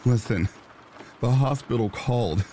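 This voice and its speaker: A man's voice: medium pitch, a little slow, mellow, a little hiss or hum, pitched above the performer's own voice, natural voice. A man voicing a wounded, frightened husband in a horror story, stammering and out of breath. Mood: panicked.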